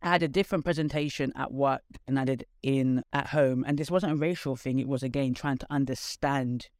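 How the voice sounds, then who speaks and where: A woman's voice: extremely low pitch, dry recording, studio quality. Candid woman. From London, England. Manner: candid, animated, quick asides. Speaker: guest. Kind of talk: personal storytelling in conversation.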